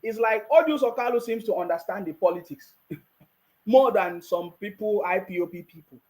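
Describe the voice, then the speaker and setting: Brief: Nigerian male commentator, high voice, mocking tone, laughs a lot, repeats himself. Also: moderate pace, darkish tone, low-quality recording. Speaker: political commentator. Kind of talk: casual commentary.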